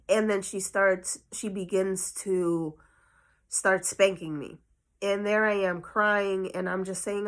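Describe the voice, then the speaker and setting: A woman's voice: mid-range voice, steady tone, takes it slowly. A woman telling a personal story on her vlog in a casual, chatty way full of fillers, slightly short of breath. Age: adult. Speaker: vlogger.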